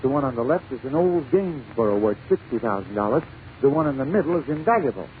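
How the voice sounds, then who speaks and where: A snooty upscale bartender, as a male comedian puts him on lowers his voice into prim, matter-of-fact pronouncements. He sounds lower than the comedian's own voice. It all comes over a tinny 1940s broadcast with light hiss. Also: animated, fast talker, natural voice. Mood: haughty. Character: stiff, haughty upscale bartender man.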